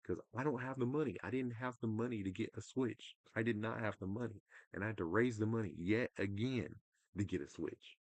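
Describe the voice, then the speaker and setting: Deep and dry-sounding, this male gaming commentator delivers a brisk, casual rant to camera, exasperated and profane. He mocks people with put-on voices and lurches from loud outbursts to muttering, all in a dry recording.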